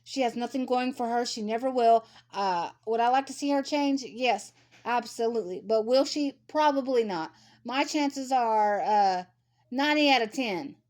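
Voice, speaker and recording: A woman in her thirties vlogs to camera in a fairly high, slightly mellow voice at normal speed. Her casual commentary is a blunt rant, and she repeats herself for emphasis.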